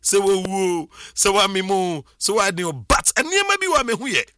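A middle-aged man from Ghana telling his own life story in a casual, animated monologue with frequent exclamations. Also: high-pitched, moderate pace, no room sound, studio quality. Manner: animated, exclaiming, laughs often.

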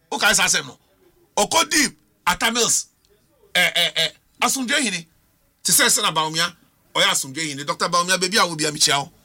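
A man's voice: high voice, pushed and bright. A man with a Ghanaian accent, a political commentator on a studio panel, arguing with rhetorical questions and switching between English and Twi.

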